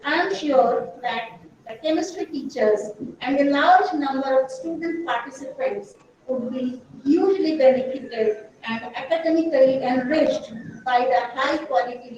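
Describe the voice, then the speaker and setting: A woman with an Indian English accent giving a formal welcome speech at a conference, reading out names and titles in a measured way. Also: sits high, a little mellow, dull audio, a little hiss or hum. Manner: measured, reads long lists of names and titles. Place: large auditorium. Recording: very echoey hall, heard from far off.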